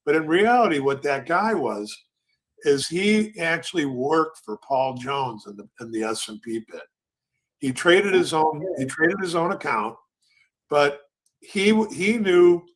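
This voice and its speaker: An older man talks in a loose, rambling way, telling stories as the host of a trading show. His voice sits a little high for a man, and he slips into the voices of brokers and clerks as he goes. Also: fairly bright tone. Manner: rambling, acts out pit quotes. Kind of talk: casual storytelling.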